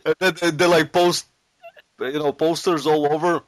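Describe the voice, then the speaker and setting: A man co-hosting a podcast, chatting casually and halting as he searches for words. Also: fairly high pitch, steady tone. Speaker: podcast co-host. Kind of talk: casual comedic chat.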